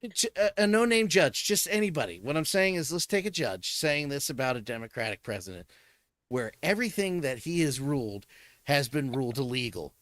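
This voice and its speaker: A man's voice: fairly high pitch, very animated, a little fast, fairly bright tone, no echo. A man co-hosting a podcast, chatting casually in an opinionated, sarcastic way. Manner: opinionated, sarcastic, jumps between topics. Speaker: podcast co-host. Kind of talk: casual chat.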